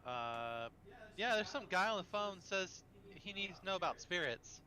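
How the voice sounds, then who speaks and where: A man running a tabletop game as game master, narrating haltingly with many fillers. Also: high-pitched, sing-song, bright, forceful tone.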